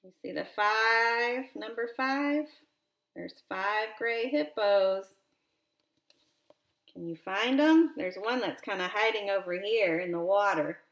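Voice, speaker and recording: A woman reading a counting picture book aloud with expression, stopping to ask a child gentle questions. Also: medium pitch, slow pace. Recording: roomy echo.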